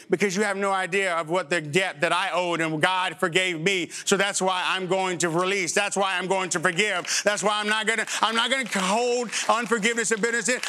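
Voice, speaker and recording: High-voiced, impassioned middle-aged pastor preaching. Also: male voice, steady tone, bright, forceful tone, clean tone. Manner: impassioned preaching, swings between raised high emphatic lines and low slow drops. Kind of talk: sermon. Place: church sanctuary before a congregation.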